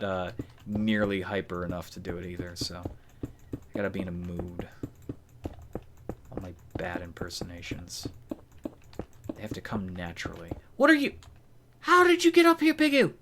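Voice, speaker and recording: Streamer guy, lowish voice, rambly self-talk, keyboard clicking faintly behind. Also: sharp tone, a little hiss or hum. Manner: rambling, talks to himself, chuckles often. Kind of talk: casual live-stream commentary while building in a game.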